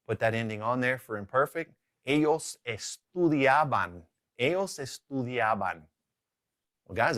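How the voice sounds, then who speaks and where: A man's voice: medium pitch, fairly bright tone, no room sound, clean studio sound. A man teaching a recorded Spanish grammar lesson, upbeat and often checking in with "okay?".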